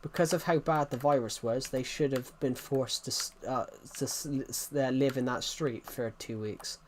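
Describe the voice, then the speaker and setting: A man's voice: mid-range voice, fairly even intonation, normal speed, a little hiss or hum. Opinionated British man chatting on stream. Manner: opinionated, rambling with many restarts. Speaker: livestreamer. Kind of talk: casual livestream chat.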